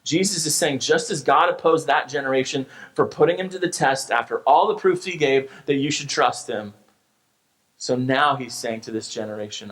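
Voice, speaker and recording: A man's voice: mid-range voice, normal speed, fairly bright tone, rough recording. Earnest American man preaching a sermon. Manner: earnest, emphatic preaching with repeated restarts. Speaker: pastor. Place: church sanctuary.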